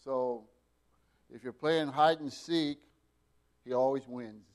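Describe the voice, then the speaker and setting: A man teaching a Bible class, pausing often with fillers and restarts and getting loud to stress key words. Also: mid-range voice. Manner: unhurried, with many fillers and restarts, rising loud for emphasis.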